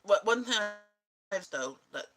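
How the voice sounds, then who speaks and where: A woman's voice: mid-range voice, lively intonation, a little slow, poor audio. A woman vlogger chatting casually with viewers, rambling and laughing often. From Canada. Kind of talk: casual chat answering viewers.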